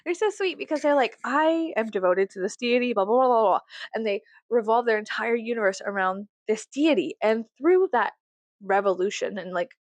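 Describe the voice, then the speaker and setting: A woman's voice: a little high, animated, normal speed, no echo. A woman in her thirties from South Texas, rambling in a casual, profane, giggly monologue that swings to sarcastic mockery. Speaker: vlogger.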